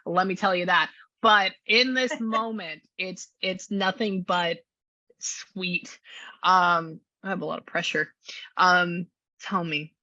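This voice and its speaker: A woman's voice: on the low side, steady tone, slow, sharp tone, no room sound, highs cut off. A woman working as a psychic medium, talking casually and gushingly through a reading, with many restarts. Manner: chatty, gushing, restarts often.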